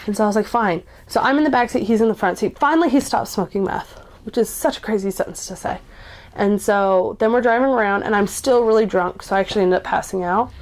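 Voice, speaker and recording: A woman's voice: mid-range voice, fast talker, darkish tone. A woman in her twenties, in recovery, telling a personal story in a casual, chatty way with lots of "like" and blunt swearing. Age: 20s.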